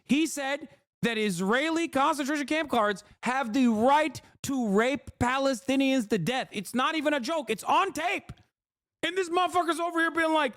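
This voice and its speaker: A man's voice: very high voice, normal speed, a bit bright, dry recording, clean studio sound. A man in his thirties streaming a reaction, ranting heatedly with profanity and sarcastic mimicry. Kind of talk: livestream reaction commentary.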